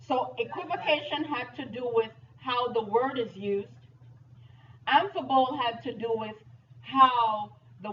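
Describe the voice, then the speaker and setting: An animated woman teacher explains ideas to her class in a playful, warm-hearted way. Her voice sits a little high and comes from some distance away from the mic. The sound is dull, with faint noise behind her. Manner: animated, playful, addresses students as beloved. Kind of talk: live class lecture.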